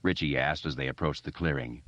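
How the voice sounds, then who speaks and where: A man narrating a novel as an audiobook reader, expressive and doing voices for the characters. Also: a bass voice, fairly quick, no echo, highs cut off. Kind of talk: scripted narration.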